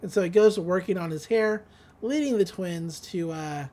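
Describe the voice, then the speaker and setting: A woman's voice: lowish voice, mellow. Rambling woman podcast host. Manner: rambling, full of fillers and quick laughs. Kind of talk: casual episode recap.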